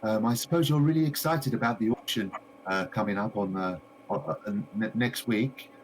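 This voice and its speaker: A nosy, gushing village shopkeeper woman, as a man puts her on in a tabletop game. She chatters and repeats her words in a high, fluttering voice. A faint ambient hum sits behind. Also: moderate pace, lightly acted, poor audio.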